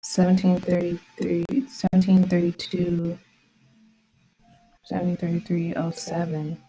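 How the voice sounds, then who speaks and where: A woman's voice: lowish voice, monotone, a little slow, mellow, soft background music, rough recording. A woman vlogging her trades in casual live commentary, slangy and irritated, swearing often. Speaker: trading vlogger.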